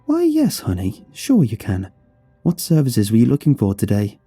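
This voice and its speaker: A man voicing a frail, warm old woman who works as a spa receptionist and speaks in a shaky, doting voice. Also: medium pitch, huge pitch swings, normal speed, husky, dry recording, faint music behind, exaggerated voice. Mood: sweet, doting. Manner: sweet, doting, calls listener honey.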